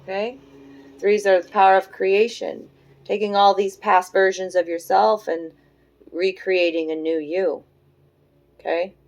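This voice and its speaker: A woman in her forties giving a casual tarot reading, thinking aloud in a soft, musing way with frequent fillers. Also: mid-range voice, flat delivery, a little slow, long pauses, poor audio. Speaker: tarot reader.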